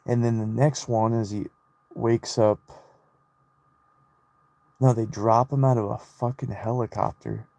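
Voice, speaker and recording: A man's voice: medium pitch, steady tone, a little slow, creaky, pauses often, mellow, no room sound. A young man in a casual solo vlog, retelling a movie and his childhood in a loose, swear-heavy ramble that keeps restarting. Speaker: solo vlogger. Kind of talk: rambling personal monologue.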